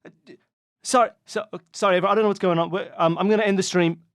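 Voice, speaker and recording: A man's voice: high-pitched, steady tone, very fast, no echo, clean studio sound, voice pushed up, lightly acted. A man voicing a flustered male streamer who calls out and hesitates. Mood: worried.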